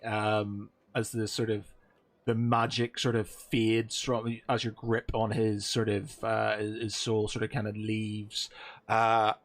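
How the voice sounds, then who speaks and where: A man's voice: fairly low pitch, a bit bright. A man narrating as game master of a tabletop game, loose and meandering.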